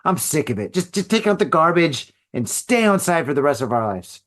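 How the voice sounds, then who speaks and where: A man's voice: on the high side, big pitch swings, a little fast, fairly bright tone. A man voicing a fed-up older father scolding his grown son. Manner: scolding, exasperated.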